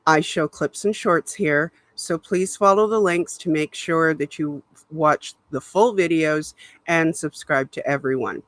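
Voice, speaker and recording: A woman's voice: sits low, a little slow, fairly bright tone, no echo. Woman, stream host from Canada, leisurely and chatty with frequent laughs, dry close webcam sound. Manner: chatty, laughs often, greets viewers in chat by name. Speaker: livestream host. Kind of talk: casual live-stream chat. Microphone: laptop webcam mic.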